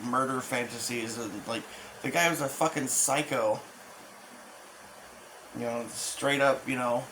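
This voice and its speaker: A man in a casual rambling monologue, profane and halting, full of restarts and fillers. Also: medium pitch, vocal fry, slight background noise, low-quality recording. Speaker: channel host.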